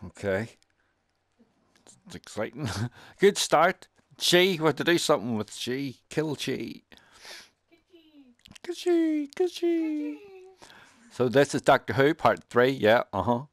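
A man's voice: mid-range voice, expressive, measured pace. A man playing a video game, joking and laughing in casual let's-play commentary on a headset mic. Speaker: gamer playing on stream. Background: game music.

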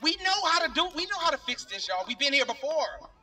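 A man's voice: very high-pitched, big pitch swings, a little fast, sharp tone. A middle-aged man giving an impassioned speech at an outdoor rally, talking straight to the crowd in a casual, earnest way. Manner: earnest, talks directly to the crowd with "y'all". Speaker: speaker at a rally. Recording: voice picked up from a distance.

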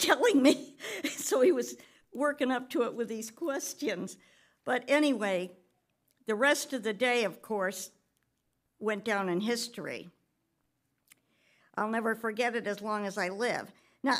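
Woman telling her testimony in church. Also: on the high side. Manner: conversational storytelling with occasional fillers and light laughs. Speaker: pastor's wife. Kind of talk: personal testimony in a church service. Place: church service.

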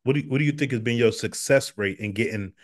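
A man hosting an interview, asking questions in a relaxed, encouraging way. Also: medium pitch, fast talker. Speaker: interview host. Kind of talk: casual interview.

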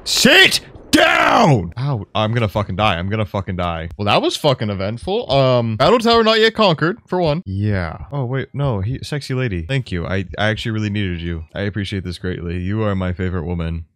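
Crude, yelling young gamer guy. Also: on the low side, animated, fairly quick, hardly any pauses, dry recording. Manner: profane, jumps from mumbling to yelling. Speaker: gaming YouTuber. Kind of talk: crude, loud game commentary.

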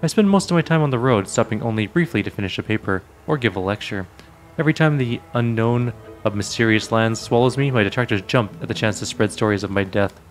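A man's voice: on the low side, expressive, fast talker, soft background music, close to an everyday voice. A man doing a pompous scholar alchemist. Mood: boastful. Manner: haughty, lecturing. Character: pompous male scholar alchemist, vain and peevish.

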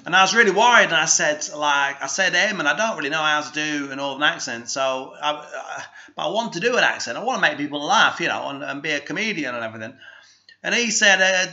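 Man, put-on Northern English accent, somewhat high voice, halting comic ramble, dull lo-fi home recording. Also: lively intonation, bright, forceful tone. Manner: halting, full of fillers and restarts. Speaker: comic DJ host. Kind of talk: rambling comedy monologue.

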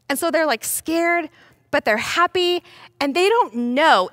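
A young woman teaching a children's Bible lesson, playful and animated, talking straight to the kids. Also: sits high, a little slow, dry recording, clean studio sound.

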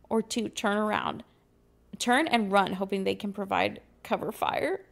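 A woman's voice: medium pitch, measured pace, creaky. A woman podcast co-host reading an interactive horror story aloud, dramatic and amused, breaking into chat with her co-host.

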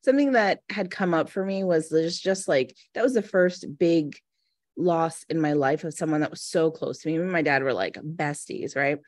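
A woman's voice: low voice, normal speed, darkish tone, no room sound, studio quality. A woman in her thirties, a manifestation coach, telling a personal story in an earnest, chatty way during an interview. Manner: earnest, storytelling, acts out quoted voices. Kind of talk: casual interview conversation.

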